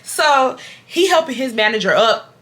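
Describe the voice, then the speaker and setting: Bright-voiced animated young woman storyteller. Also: high voice, a little slow. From Houston, Texas. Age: 20s. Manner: animated, loud acted-out quotes; addresses viewers as y'all. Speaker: storytime vlogger. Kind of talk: casual storytime vlog.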